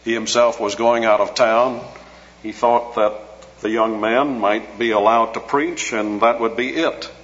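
A man preaching an expository sermon in a measured, teacherly way, slowing down to stress key words. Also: medium pitch, fairly even intonation, fairly bright tone. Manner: measured, teacherly, slows for emphasis. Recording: dull lo-fi audio in a reverberant hall.

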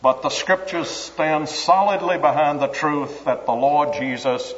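A man preaching a sermon, slow and emphatic, stressing key words and repeating phrases for weight. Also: a little high, fairly bright tone. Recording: dull lo-fi recording with long hall reverb.

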